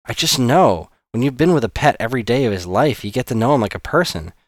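A man's voice: medium pitch, lively intonation, fast, dry recording, studio quality, voice pushed up, lightly acted. A man voicing an earnest, intense boy hero in an audiobook. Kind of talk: audiobook character voice.

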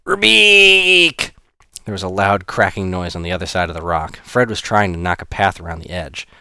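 Low-voiced man narrating an audiobook. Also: fairly even intonation, fast, a bit bright, clear, resonant tone, dry recording, studio quality. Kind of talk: scripted narration.

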